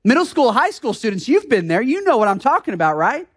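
A man's voice: very high voice, very animated, fast. A male pastor from the United States preaching a sermon in an earnest, conversational way, with frequent rhetorical questions to the congregation.

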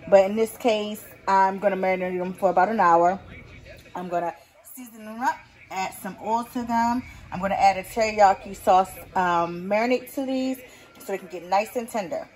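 A woman's voice: medium pitch, normal speed, a little mellow, rough recording. A woman hosting a casual home cooking tutorial, chatty and upbeat, talking straight to her viewers, recorded on a phone in her kitchen. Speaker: cooking vlogger. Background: faint football game on TV.

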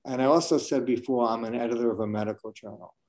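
A man's voice: mid-range voice, steady tone, fast talker, darkish tone. A middle-aged man from New York City, a medical school dean, answering questions in an earnest, reflective way with frequent restarts. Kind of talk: webinar interview answers.

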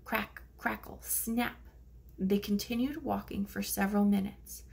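A woman reading a children's storybook aloud as narrator, slipping into soft whispers for hushed lines. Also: medium pitch, fairly even intonation, measured pace, vocal fry. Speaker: audiobook narrator.

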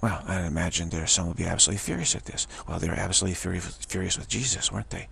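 Gravelly, husky-voiced man preaching. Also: sits low, racing, a bit bright. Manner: rambling, repetitive, with many restarts and emphatic declarations. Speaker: spiritual teacher. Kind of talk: informal religious sermon.

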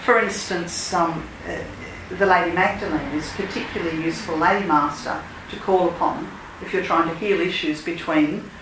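A woman's voice: on the low side, fairly even intonation, normal speed, few pauses. A woman, a spiritual healer and teacher, talking earnestly and leading call-and-response mantra chants. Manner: earnest, emphatic, leads chants. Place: lodge meeting room. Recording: echoey room, speaker far from mic, noisy.

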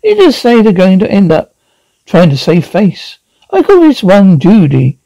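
A man voicing a gleeful ghoulish horror host who delivers pun-filled introductions in a creaky, theatrical voice. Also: high voice, huge pitch swings, a little slow, dark tone, no echo, full character voice, rough recording. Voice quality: gravelly, creaky. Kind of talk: one-man horror audio drama.

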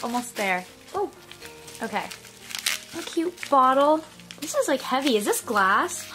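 A young woman chatting casually through an unboxing, gushing and gasping with excitement. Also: fairly high pitch. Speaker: vlogger unboxing a reborn doll. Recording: music playing underneath.

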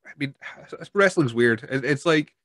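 A man's voice: mid-range voice, lively intonation, measured pace, a bit bright, no room sound. A man with a Scottish accent hosting a wrestling podcast, chatting casually, telling stories and laughing often. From Scotland. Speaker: podcast host. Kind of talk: casual interview chat.

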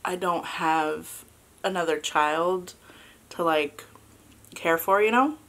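A woman in her thirties chatting casually as a vlogger and mother, halting and soft with many fillers, fighting back tears. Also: lowish voice. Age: 30s. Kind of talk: casual confessional chat.

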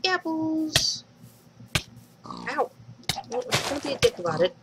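A woman's voice: fairly high pitch, huge pitch swings, moderate pace, creaky, heavy background noise. A woman giving casual, chatty commentary while playing a game at home, swearing lightly and talking to the animals. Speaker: let's play host. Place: home room.

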